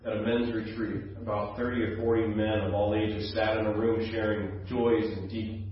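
A man delivers an earnest sermon as a pastor, easing into quiet low asides before pressing forward with raised emphasis. His voice carries a heavy room echo and sounds picked up from some distance. The sound is slightly dull. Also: flat delivery, normal speed, slight background noise.

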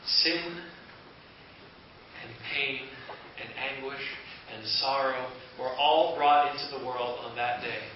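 A man's voice: medium pitch, slow pace. Earnest man telling a Bible story. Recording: echoey, distant, dull with hiss.

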